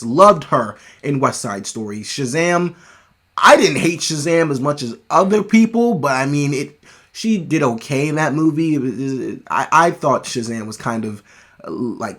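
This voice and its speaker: A man's voice: medium pitch, husky. A man giving a casual, enthusiastic movie review, talking loosely with frequent restarts and self-corrections.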